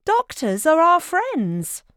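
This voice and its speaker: Woman doing a kind storybook mum cat, soft and soothing. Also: fairly high pitch, very slow, slight background noise, pitched above the performer's own voice. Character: gentle, reassuring mother cat. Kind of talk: storybook read-aloud.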